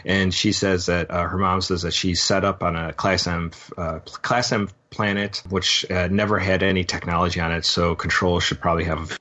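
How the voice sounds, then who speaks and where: Low-voiced man rambling through a recap. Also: flat delivery, normal speed, few pauses, bright, forceful tone, lo-fi sound. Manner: rambling, full of ums and uhs. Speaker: podcast host. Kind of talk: casual episode recap.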